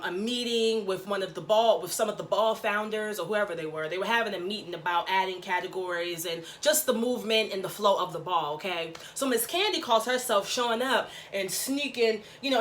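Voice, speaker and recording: A woman's voice: mid-range voice, expressive, brisk, hardly any pauses, a bit bright, a little hiss or hum. Sassy, chatty woman vlogger. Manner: sassy, chatty, says "okay?" often. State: out of breath. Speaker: YouTube vlogger. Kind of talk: casual TV recap vlog.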